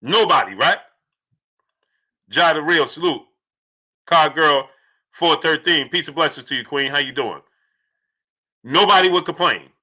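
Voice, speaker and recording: Man, high voice, very bright tone, livestream host, rhetorical, repetitive, shout-outs to chat. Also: lively intonation, a little slow, pauses often. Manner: rhetorical, repeats questions, shouts out viewers. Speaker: boxing channel host. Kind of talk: livestream commentary, reading chat.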